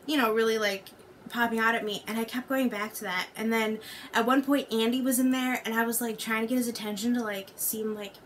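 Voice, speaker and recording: A woman's voice: fairly high pitch, fairly even intonation, brisk, a little hiss or hum. A young woman fresh out of college, a podcast guest, chatting casually and hesitantly with many fillers. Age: young adult. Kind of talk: casual chat.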